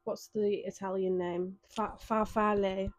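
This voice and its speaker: A woman's voice: medium pitch, level tone, a little slow. A woman co-hosting a podcast, chatting in a laid-back, teasing way. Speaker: podcast co-host. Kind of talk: casual chat.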